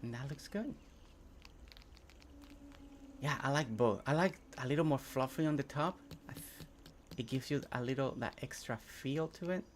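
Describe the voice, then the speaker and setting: A young man whose first language is Spanish, chatting casually on a game live stream, reading chat aloud and thinking out loud while he builds. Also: mid-range voice, moderate pace, long pauses, a little hiss or hum.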